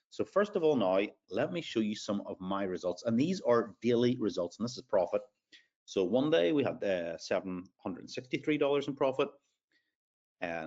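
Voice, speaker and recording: A man's voice: mid-range voice, darkish tone, highs cut off. A man with an Irish accent hosts a live sales webinar. He talks in a chatty way, with many fillers, and reads out audience names as he goes. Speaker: webinar host.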